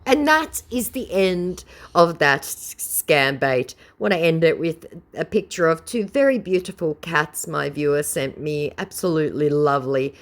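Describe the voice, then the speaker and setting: Sarcastic woman with a low, lively voice. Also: a little slow. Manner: sarcastic, mocking commentary. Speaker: channel host. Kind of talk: reading a chat story aloud.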